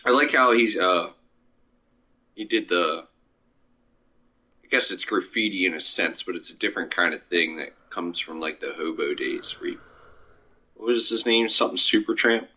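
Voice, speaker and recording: Man, lowish voice, bright sharp tone, rambling casual film talk, dull lo-fi audio. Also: normal speed, long pauses, husky. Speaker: podcast co-host. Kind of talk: casual movie chat. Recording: dull lo-fi sound.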